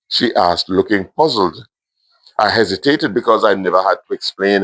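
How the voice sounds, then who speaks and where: A Jamaican man gently reading his own emotional story aloud to a primary school class, adding asides. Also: fairly low pitch, moderate pace.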